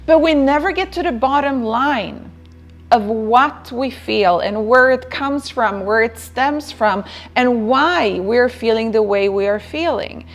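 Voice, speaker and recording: A woman's voice: a little high, unhurried, soft background music. A woman giving a reflective motivational talk on self-care, who repeats phrases and checks in with "right?".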